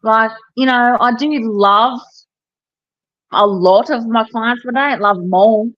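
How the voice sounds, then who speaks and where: A woman, a hairdresser chatting casually and telling animated stories, with plenty of swearing. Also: a little high, a little slow, no echo, lo-fi sound. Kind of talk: casual chat.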